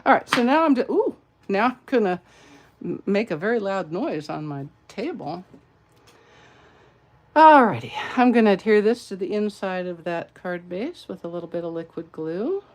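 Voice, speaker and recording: This middle-aged woman from California, who speaks with a Southern accent, demonstrates card crafts live at her crafting table. Her mid-range voice is expressive and moves at a normal speed, and she's chatty, playful and quick to poke fun at herself.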